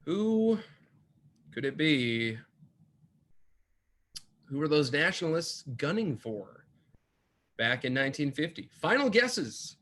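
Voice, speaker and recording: A man's voice: fairly high pitch, very animated, slow, long pauses, fairly bright tone. A man hosting an online pub trivia night. He reads and repeats each question and adds playful, jokey asides. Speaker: trivia host.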